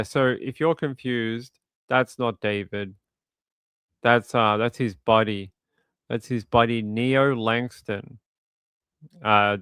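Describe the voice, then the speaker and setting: An Australian man hosts a live stream and reads viewer comments aloud in a loose, easygoing way. He often repeats words and laughs softly between thoughts. His voice is clean and resonant, with a dry, close sound and little room echo. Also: medium pitch, clear, resonant tone. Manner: relaxed, repeats himself, chuckles often. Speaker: livestream host. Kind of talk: casual live chat reading viewer comments.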